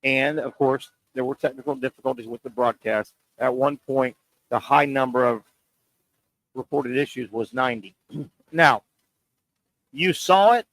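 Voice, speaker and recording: A man's voice: mid-range voice, a bit bright, no echo, rough recording. A man hosting a sports talk show, making his point with rhetorical questions and repeating key lines for emphasis. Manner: pauses and stretches words for emphasis.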